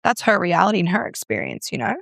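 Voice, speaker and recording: A woman's voice: lowish voice, huge pitch swings, quick pace, gravelly, a bit bright, dry recording, clean studio sound. A young Australian woman, a breathwork guest, telling stories in casual chat full of "like" fillers. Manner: chatty, storytelling, many "like" fillers.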